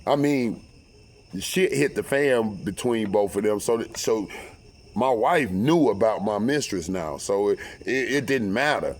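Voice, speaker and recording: A man telling a personal story casually, profane and animated, with lots of fillers. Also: lowish voice, a little slow.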